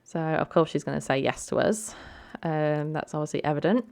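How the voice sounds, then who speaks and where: A woman's voice: low-pitched, normal speed, darkish tone. A woman chatting casually over a life-sim game she is playing, with lots of ums and a chatty manner. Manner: chatty, filler-heavy. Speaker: let's play host. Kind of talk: casual gameplay commentary.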